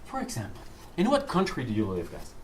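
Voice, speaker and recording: A man whose first language is French speaks as a university French professor, lively and full of fillers. His voice sits at an ordinary middle pitch. He sounds set back from the mic in an echoey room, with a faint hiss behind. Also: brisk, far from the mic. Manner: animated, storytelling, hesitant fillers. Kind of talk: interview talk on stage.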